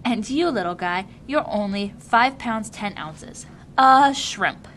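A woman voicing a gentle grown man who cares for newborns, often in soft cooing baby-talk. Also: medium pitch, lively intonation, slow, a little hiss or hum, pitched above the performer's own voice, rough recording.

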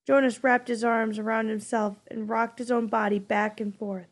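A woman reading a novel aloud in an even, unhurried storytelling style. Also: a little high. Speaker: narrator. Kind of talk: audiobook reading.

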